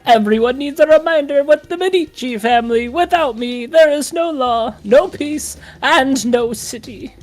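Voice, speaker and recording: A woman's voice: sits high, moderate pace, few pauses, a little mellow, soft background music, pitched above the performer's own voice, close to an everyday voice. A woman hamming up a vengeful dying mob boss with a fake Italian accent. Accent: Italian (put on). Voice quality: raised, strained, over-the-top. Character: dying old male mob patriarch, bitter, vengeful.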